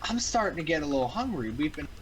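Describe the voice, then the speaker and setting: A man's voice: fairly high pitch, big pitch swings, fast, a little hiss or hum. A man voicing a sensible male wolf in an improvised story, with an exclaiming, slightly raised voice. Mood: casual.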